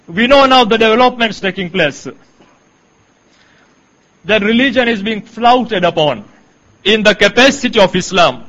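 High-voiced man preaching a sermon. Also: lively intonation, pushed and bright, muffled recording. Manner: measured, emphatic, quotes Arabic text.

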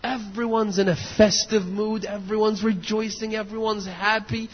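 Husky high-voiced guy preaching a sermon, gets fired up then goes quiet, muffled lo-fi sound in a big echoey hall. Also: little pitch movement. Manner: impassioned, builds to near shouts and weeping intensity; hushed, slow storytelling voice. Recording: dull lo-fi audio in a long-reverb hall.

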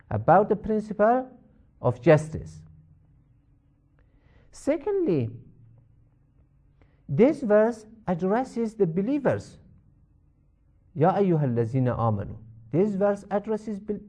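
A man teaching a lecture that explains a Quran verse, in a measured way that repeats each point for emphasis. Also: high voice, warm tone. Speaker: religious teacher.

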